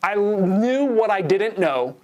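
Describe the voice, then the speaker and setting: A man in his forties preaching a sermon, telling a self-deprecating story in an animated way. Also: high voice, takes it slowly. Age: 40s. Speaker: pastor.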